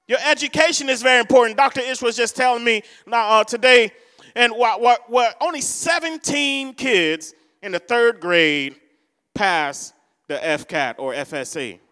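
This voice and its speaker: Male pastor; high, bright voice, echoing church. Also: smooth. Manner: repetitive, exhorting, switches languages. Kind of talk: sermon.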